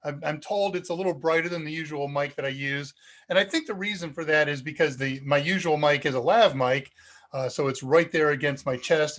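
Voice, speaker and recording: An American man hosts a live tech question-and-answer stream with a rambling, chatty delivery full of ums and asides. His voice sits a little high for a man. He talks into a cheap USB microphone. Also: a bit bright. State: slightly dizzy and foggy. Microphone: cheap USB desk microphone.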